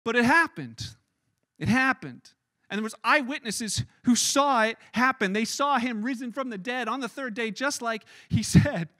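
A man preaching in an animated, conversational way, acting out scenes as he goes. His voice is high and bright, and it sounds close and dry with almost no room echo. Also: moderate pace. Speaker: pastor. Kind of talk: sermon. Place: church.

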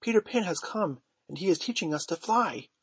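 A man's voice: fairly high pitch, animated, unhurried, breathy edge, no echo, pitched above the performer's own voice, full character voice. A man reading aloud voices an eager, motherly young girl with breathless, pleading exclamations. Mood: excited.

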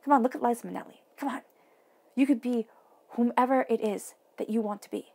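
Woman tarot reader, raspy with a gravelly edge, emphatic and encouraging, slips into near-whispers. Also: on the high side, brisk, a little mellow. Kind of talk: tarot reading monologue.

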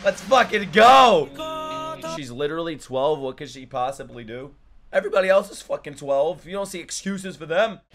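A young man reacting to an anime episode, swearing, laughing and shouting as he comments. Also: fairly high pitch, brisk. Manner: loud, profane, laughs and shouts often. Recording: anime soundtrack music playing loudly underneath.

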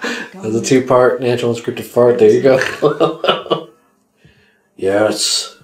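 A man's voice: medium pitch, takes it slowly, reverberant, a little hiss or hum. A man co-hosting a casual comedy chat, joking, swearing and laughing often. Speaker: podcast co-host.

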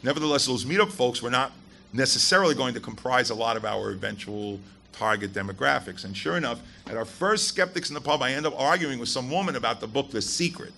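A man with a bright, forceful voice delivers a live talk to an audience in an event hall. He is blunt and emphatic and swears for emphasis, with a faint hum of ambience behind him. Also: mid-range voice, lively intonation, quick pace, vocal fry. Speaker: guest speaker at a skeptics event.

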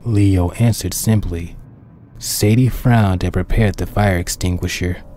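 A man reading his own dark pony fan story aloud as the narrator, in a steady, plain storytelling manner. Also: deep voice, measured pace, slight background noise.

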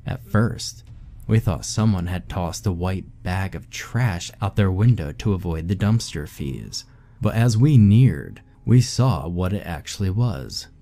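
A man narrating a horror story in the first person, with a steady, measured and somber delivery. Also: sits low.

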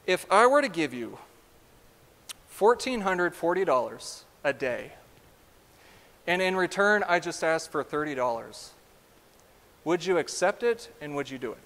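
Guy pastor preaching, kinda high voice, lots of church reverb. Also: a little slow, pauses often. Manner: animated, asks the congregation direct questions. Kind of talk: sermon. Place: church sanctuary.

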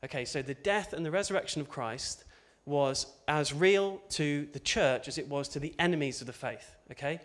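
A man's voice: fairly high pitch, normal speed, hardly any pauses, a bit bright. A man preaching an informal sermon, conversational and chatty, with asides and tag questions.

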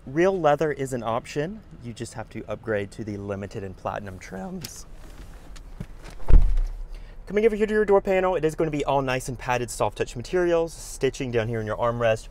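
Brisk male dealership car tour guide. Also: medium pitch, sing-song, a little mellow, a little hiss or hum. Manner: brisk, listing features in short bursts. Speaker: car salesperson giving a vehicle tour. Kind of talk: walkaround product tour.

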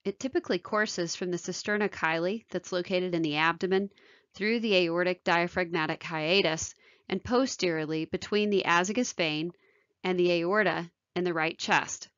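Woman surgeon giving a measured medical lecture. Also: fairly low pitch, a bit bright, dry recording, lo-fi sound. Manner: measured, technical delivery. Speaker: thoracic surgeon.

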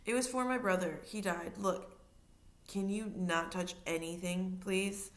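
A tense young boy who answers curtly and wants to be left alone, as a woman reads him aloud. His storybook lines come out guarded and irritable, in a plain, even voice. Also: mid-range voice, unhurried, close to an everyday voice. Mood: irritated. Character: tense, curt young boy, narrator's hero.

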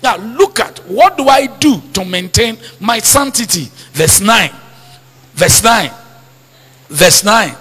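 A man preaches in a high, lively voice that swings up and down, bright and husky at once. He keeps repeating his key lines and quizzing the congregation on them. His voice rings with long reverb through a church hall. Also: slow pace. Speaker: pastor. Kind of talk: sermon.

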